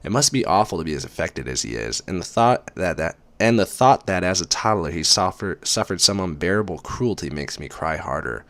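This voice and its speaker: A deep-voiced man reads a book aloud with a lively, swooping delivery, now and then dropping in sarcastic, profane asides. The sound is dry and close. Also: a little fast, few pauses, no room sound. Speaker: reader.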